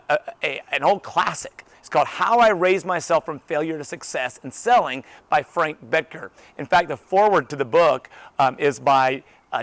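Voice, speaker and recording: A man delivers a motivational talk in an upbeat, emphatic way, full of conversational asides. His voice sits on the higher side for a man. The recording is dry and close, with no room sound. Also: a bit bright, dry recording. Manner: upbeat, emphatic, conversational with many "you know"s. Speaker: motivational speaker.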